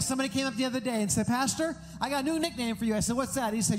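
A man's voice: very high-pitched, very fast, big-room sound, over music. A middle-aged American pastor preaching an earnest, conversational sermon, often restarting his sentences.

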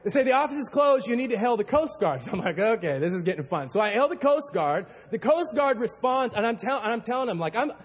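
A male pastor preaching a sermon, telling a story with animated delivery and acting out panicked quotes. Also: sits high, quick pace, hardly any pauses, breathy edge, a faint crowd. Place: church auditorium. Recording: long hall reverb.

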